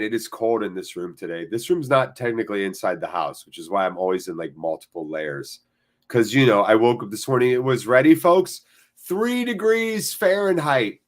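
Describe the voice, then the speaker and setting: A man hosting a live football watchalong, mid-pitched and quick to get excited. He mixes play-by-play commentary with jokes and chatty replies to viewers, talking from a cold room attached to his house.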